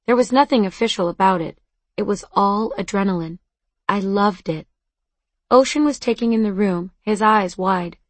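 A woman's voice: medium pitch, moderate pace, dry recording. Earnest woman narrating an audiobook. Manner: earnest, conversational storytelling. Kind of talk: first-person scripted narration.

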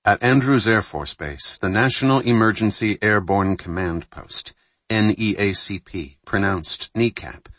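A man reading a thriller novel aloud in measured, scripted audiobook narration. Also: fairly low pitch, fairly bright tone, dry recording.

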